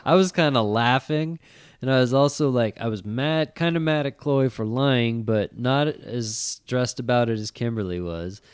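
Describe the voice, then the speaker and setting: The recording is dry and studio quality, capturing a middle-aged man's medium-pitched, smooth voice at normal speed. He co-hosts a casual podcast chat show, animatedly telling a story full of swearing and acted-out quotes.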